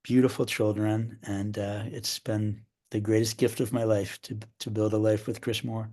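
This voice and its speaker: A man's voice: on the low side, flat delivery, moderate pace, a little mellow. An older man, a theater director as interview guest, speaking reflectively with frequent restarts and a slight cough. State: slight cough, clearing throat. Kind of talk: podcast interview.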